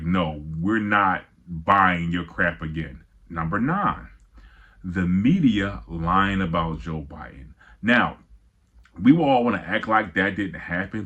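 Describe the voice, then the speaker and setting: Middle-aged guy, lowish husky voice, talking straight to camera and repeating himself a lot. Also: fairly bright tone. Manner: conversational, repetitive, emphatic with frequent restarts. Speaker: commentator. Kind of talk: casual political commentary to camera.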